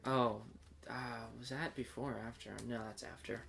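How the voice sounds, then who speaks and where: A man's voice: mid-range voice, fairly even intonation, normal speed, gravelly, fairly bright tone. A man co-hosting a podcast, retelling scenes in casual, profane chat. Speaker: podcast co-host.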